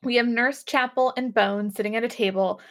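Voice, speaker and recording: A woman's voice: on the high side, steady tone, brisk. A woman casually recapping a TV episode as a podcast co-host, telling it animatedly with acted quotes.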